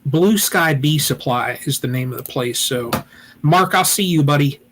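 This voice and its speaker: A man's voice: fairly high pitch, normal speed, a bit bright, a little hiss or hum. A man from Ohio hosting a weekly beekeeping live chat, rambling casually with lots of "you know" and restarts.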